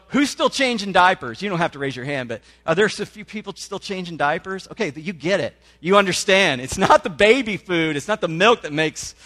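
A man preaching a sermon in a conversational way, often checking in with his listeners and swinging between loud emphasis and quiet asides. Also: a little high. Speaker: pastor.

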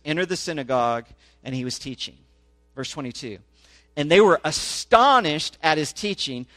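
A man with a slightly high voice preaches a conversational sermon, stopping often to check that his listeners follow. He reads scripture aloud with rising emphasis. The sound is close and dry. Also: a bit bright, no echo. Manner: conversational, checks in with "okay?", grows emphatic while reading. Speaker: pastor. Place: church in a small town.

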